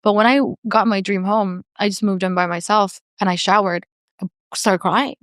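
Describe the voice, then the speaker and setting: A woman's voice: medium pitch, fairly even intonation, moderate pace, fairly bright tone, no echo, clean studio sound. A woman speaking as a podcast guest in a candid, earnest and reflective way, with frequent "like" fillers.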